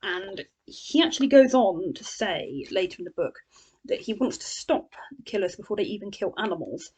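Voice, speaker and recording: A woman's voice: mid-range voice, animated, normal speed, a little mellow, slightly rough, low-quality recording. A woman gives a chatty, sarcastic spoken review of a book, full of scornful asides.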